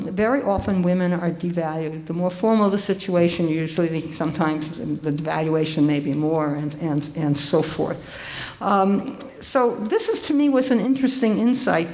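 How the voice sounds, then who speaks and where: An older woman giving a conference talk to an audience, speaking in a lively, conversational way with frequent ums and restarts. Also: medium pitch. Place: conference hall.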